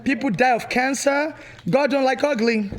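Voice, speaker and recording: A woman from Nigeria rants as a protester in an angry monologue, agitated, insistent and repetitive, inside a public building. Her voice sits high at a moderate pace, recorded on a handheld phone.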